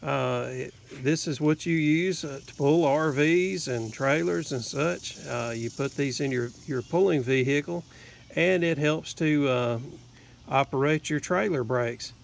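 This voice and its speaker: A man's voice: fairly high pitch, a little slow, creaky. A man with a Southern US accent telling a rambling, casual story in his vlog, with lots of fillers and "anyway.". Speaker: vlogger.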